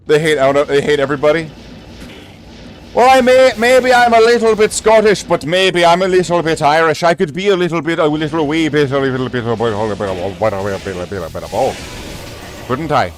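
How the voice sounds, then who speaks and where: A man's voice: a little high, a little fast, slight background noise. A man from Canada chatting in a rambling, joking way while streaming a game. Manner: rambling, joking, restarts often. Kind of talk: livestream chat while gaming.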